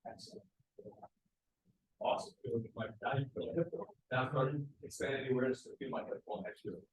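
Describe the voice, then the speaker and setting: A man coaching a martial arts seminar, giving quick praise and short corrections to students. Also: medium pitch, slight background noise. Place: martial arts school, indoors. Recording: echoey training hall.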